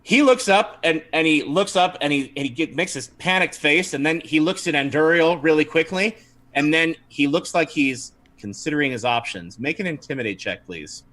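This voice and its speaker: A man running a tabletop game on a livestream, narrating scenes and calling for rolls. His voice is bright and lively, with many restarts and easy laughter. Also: a little high, normal speed. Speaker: game master.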